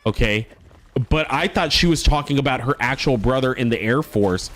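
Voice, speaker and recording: A male streamer chats to his viewers, telling a long personal anecdote in a loose, rambling way. His voice sits in a middle pitch, and he stumbles over restarts and swears freely as he goes. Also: normal speed, fairly bright tone. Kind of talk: casual storytelling chat to a live stream.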